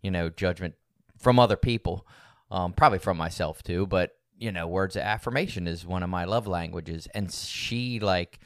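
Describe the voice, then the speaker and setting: Smooth-voiced, thoughtful podcast man. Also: deep voice, moderate pace, dry recording, clean studio sound. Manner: thoughtful, hesitant, many fillers. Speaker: podcast co-host. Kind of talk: candid conversational podcast talk.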